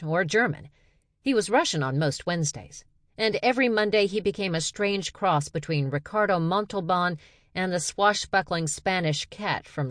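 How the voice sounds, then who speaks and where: A woman narrating a science fiction story in a steady, measured way. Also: deep voice, no room sound, studio quality. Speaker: audiobook narrator. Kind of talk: scripted narration.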